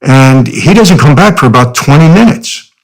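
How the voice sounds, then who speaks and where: A man's voice: mid-range voice, animated, normal speed, creaky, low-quality recording. A middle-aged man, a podcast guest, telling his story in an earnest, conversational way with many "you know" fillers.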